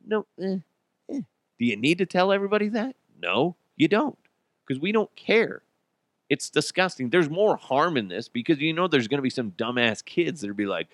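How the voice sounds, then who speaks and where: Male podcast host, lively swooping pitch, profane, laughs a lot, dry close sound. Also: moderate pace, no room sound. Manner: profane, animated, laughs often. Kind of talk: comedic solo commentary.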